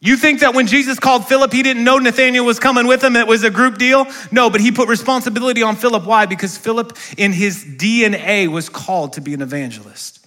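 A man's voice: very high-pitched, quick pace, few pauses, sharp tone. A male pastor preaching a sermon in a church, asking the congregation questions and calling for responses. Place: church sanctuary.

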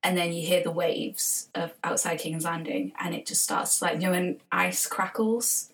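A woman's voice: on the low side, little pitch movement, normal speed, gravelly, a bit bright, distant mic, poor audio. Gushing woman chatting on a podcast. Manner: enthusiastic, swears, calls friend "baby". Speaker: podcast co-host. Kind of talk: casual chat.

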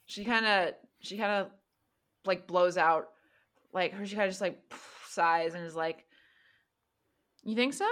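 A woman runs a tabletop game as game master. She narrates loosely, full of fillers, in a bright, tense voice. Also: on the low side, fairly even intonation, a little slow, smooth.

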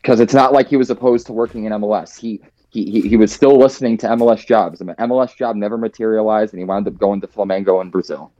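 A man's voice: lowish voice, fairly even intonation, fast, hardly any pauses, mellow, no echo. A hungover man co-hosting a soccer podcast, ranting with frustration and swearing. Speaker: podcast co-host. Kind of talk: casual chat. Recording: dull lo-fi sound.

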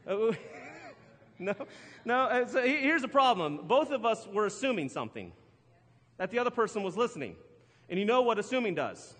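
A middle-aged man preaches from the stage. His voice sits high, and the church hall rings with long reverb. He talks loosely and laughs at himself, often stumbling and starting sentences over. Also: fairly bright tone. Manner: chatty, self-deprecating, laughs often, restarts a lot. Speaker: pastor. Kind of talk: sermon with storytelling. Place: church auditorium.

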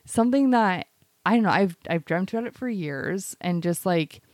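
A woman's voice: fairly low pitch, expressive, normal speed, darkish tone, no echo, studio quality. A woman co-hosting a casual podcast chat, rambling through a personal story with a constant "like". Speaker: podcast co-host.

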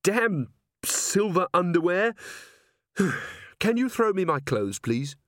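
A blunt, clipped young werewolf woman, as a male narrator puts her on, lifted a little higher than his own voice. The storybook reading sounds dry and close. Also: very animated, slow pace, no room sound. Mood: grumbling.

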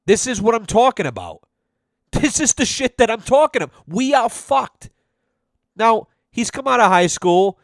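A young adult man hosting a podcast, ranting in a profane, animated storytelling way. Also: sits high, moderate pace, dry recording, studio quality. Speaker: podcast host. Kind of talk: casual ranting monologue.

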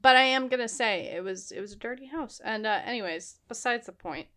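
A woman's voice: fairly high pitch, a little fast. A woman chatting casually on a podcast, telling stories and putting on voices when she quotes people. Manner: animated storyteller, puts on voices for quotes. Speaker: podcast co-host. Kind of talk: casual chat.

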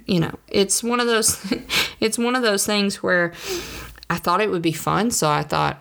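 Woman, 30s, rambling and self-deprecating, low and gravelly. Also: steady tone, measured pace, pauses often, a bit bright. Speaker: vlogger. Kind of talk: casual monologue.

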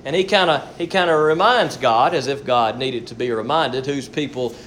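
A man's voice: medium pitch, normal speed, a bit bright, a little hiss or hum. A man preaching a sermon as pastor, earnest and explanatory, often repeating words as he searches for the next phrase.

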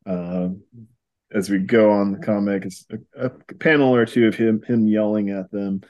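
A man hosting a podcast, recapping a comic in a casual chat, chuckling often and filling pauses with ums. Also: lowish voice, steady tone, darkish tone, highs cut off. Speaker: podcast host.

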